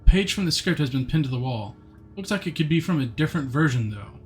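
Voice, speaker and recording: Speaking fast in a mid-range voice with lively intonation, a man streams a game live. He chats, replies to viewers, and reads the game's text in a plain voice.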